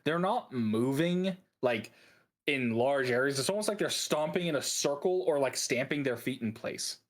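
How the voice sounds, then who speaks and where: A man's voice: medium pitch, expressive, moderate pace. A man acting as game master, narrating a tabletop game and working through rules on the fly with frequent laughs.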